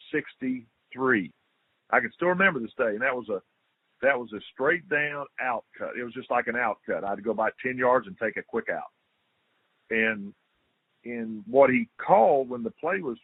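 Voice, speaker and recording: An older man, a former football player, tells stories as a guest in a casual interview over a tinny, dry phone line with no room sound. His medium-pitched voice has a breathy edge. He's a lively storyteller who repeats his words and acts out quotes.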